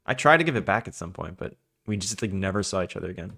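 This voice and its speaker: A man with a Long Island accent rambles and chuckles as he streams a game. His voice sits very low with a rough, gravelly edge. He talks with his viewers in an easy, casual way. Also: expressive, fast, pushed and bright. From Long Island, New York. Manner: chatty, rambling, chuckles while talking to chat. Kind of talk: casual chat while gaming.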